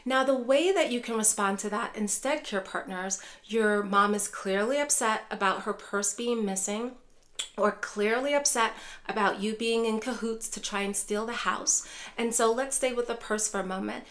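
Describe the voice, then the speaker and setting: Higher-voiced woman teaching caregivers. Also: normal speed, a bit bright. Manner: addresses viewers repeatedly as care partners. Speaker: neuropsychologist and dementia care specialist. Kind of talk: direct-to-camera caregiving lesson.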